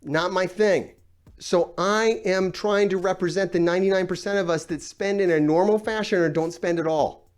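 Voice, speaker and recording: A man's voice: high-pitched, steady tone, moderate pace, faint music behind. A man ranting on a gaming live stream, exasperated and sarcastic, swearing often while he reads out comments.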